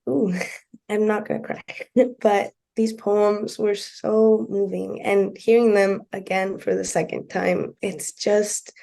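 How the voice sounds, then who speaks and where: A woman co-host reads her poem in a slow, deliberate cadence. Her voice is gravelly and dark, and it stays fairly level in pitch. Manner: slow, deliberate poetry reading. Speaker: podcast co-host. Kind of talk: co-hosting and reading her own poem aloud.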